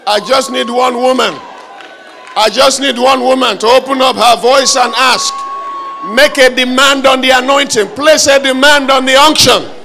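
A male preacher delivering a fervent revival sermon, shouting repeated calls for the congregation to pray aloud. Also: very high voice, fairly even intonation, moderate pace, gravelly, some chatter behind, a little hiss or hum. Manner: fervent, repetitive exhortation.

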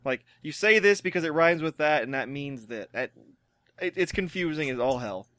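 An American man co-hosting a podcast in casual chat, jokey and quick to laugh. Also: fairly high pitch, expressive, sharp tone, no room sound, studio quality. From United States. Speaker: podcast co-host.

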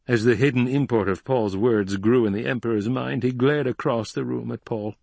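A male audiobook narrator reads in a steady, scripted manner. His voice has a husky grain at a middle pitch. The recording is close and dry. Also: moderate pace, hardly any pauses, dry recording.

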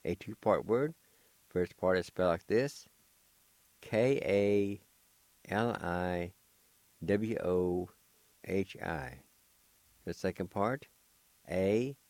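A man teaching a language lesson on the radio, spelling words out slowly and carefully, letter by letter, in a patient way. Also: sits low, a little mellow, no room sound. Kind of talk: slow spelling and pronunciation lesson.

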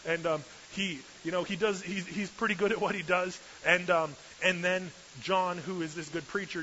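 A man preaching a sermon as pastor, retelling a story in a lively way and asking the listeners questions. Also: fairly high pitch. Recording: slightly dull recording with faint hiss.

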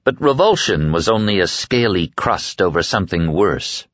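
A male audiobook narrator reads scripted text in a very deep, low voice, measured and steady. The close-miked recording is dull, lo-fi and entirely dry, with no room sound.

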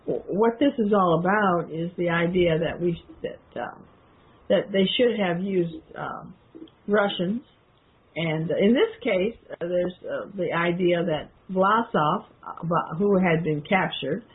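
A woman hosting a radio show, reading aloud from a historical speech and commenting on it in a halting way, with many ums and restarts. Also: fairly low pitch, a little hiss or hum. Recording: tinny phone-like audio.

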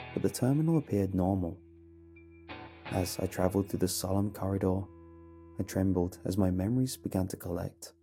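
A man narrating a horror story in a measured, dramatic way over a faint music bed. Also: low-pitched, creaky, dark tone.

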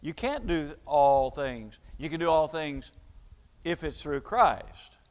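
A man's voice: a little high, animated, slow, in a large hall. A man preaching a sermon, explaining an idea step by step like a teacher, with frequent fillers and restarts. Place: church hall.

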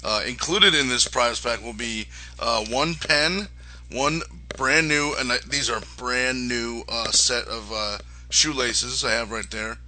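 A man's voice: medium pitch, measured pace, sharp tone, slight background noise. A man co-hosting a casual podcast, rambling with lots of hesitations. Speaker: podcast co-host. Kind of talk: casual chat.

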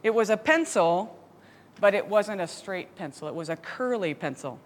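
A woman teaching a Bible study, telling a story with lively laughs and asides. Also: mid-range voice, normal speed. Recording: long hall reverb.

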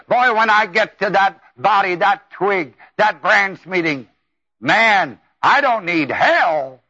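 Man preaching a sermon, folksy and emphatic, higher voice, dull lo-fi tape. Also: bright, forceful tone.

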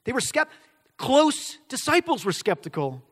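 Male pastor, sermon, high and lively voice, rhetorical questions, long hall echo. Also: a little slow, husky. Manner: animated, acts out quoted voices, emphatic questions and answers.

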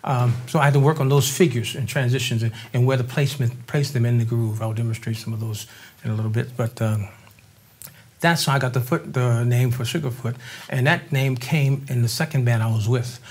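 An older man from New Orleans, a drummer and interview guest, telling stories in a relaxed, animated way, acting out the voices of people he quotes. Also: mid-range voice, a little fast, breathy edge. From New Orleans, Louisiana. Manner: animated storyteller, acts out quoted voices, laughs often. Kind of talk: casual interview storytelling.

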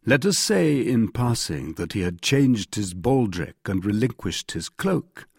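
A man narrating an adventure novel as an audiobook in an expressive storytelling manner. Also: fairly low pitch, a little slow, vocal fry, slightly rough, no room sound, clean studio sound. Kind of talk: scripted narration.

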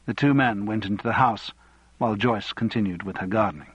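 A man narrating an audiobook novel in a measured, even way. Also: fairly low pitch, husky, no room sound, dull audio.

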